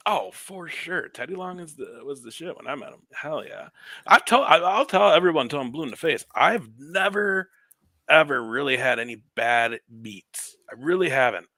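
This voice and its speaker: A man's voice: on the high side, animated, moderate pace, sharp tone, no room sound, clean studio sound. A man co-hosting a podcast, chatting casually and telling rambling stories with heavy swearing. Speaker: podcast co-host. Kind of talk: casual chat.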